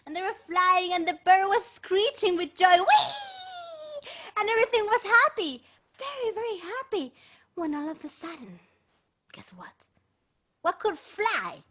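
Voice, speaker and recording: Animated, high-voiced woman telling kids a story. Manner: animated, sing-song repetition, dramatic gasps. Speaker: children's performer and storyteller. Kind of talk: storytelling for children.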